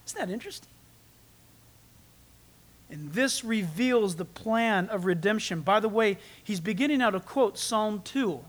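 High-voiced man preaching a sermon. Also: expressive, unhurried. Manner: preaching with sudden loud peaks and quiet asides. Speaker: pastor.

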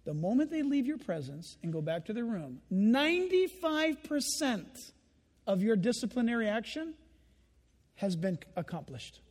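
Animated preacher man in a reverberant hall. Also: high voice, normal speed. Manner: animated, acts out children's voices, laughs while preaching. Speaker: pastor. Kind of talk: sermon.

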